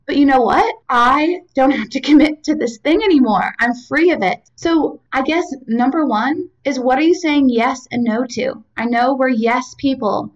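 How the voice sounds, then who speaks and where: Woman, young adult, casual self-help talk, chatty, rambling asides, higher voice, a little off-mic. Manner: chatty and rambling, with many "like" fillers and side notes. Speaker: university staff member giving wellness advice. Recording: slightly distant, dull lo-fi sound.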